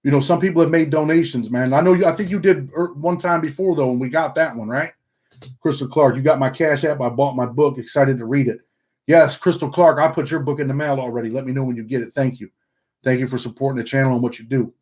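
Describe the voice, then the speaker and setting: A man from upstate New York who talks with a Southern country twang after many years living down south. He hosts a relaxed livestream, reads the chat out loud and ends nearly every sentence with "man". His voice sits at an ordinary middle pitch for a man. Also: quick pace. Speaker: livestream host reading chat.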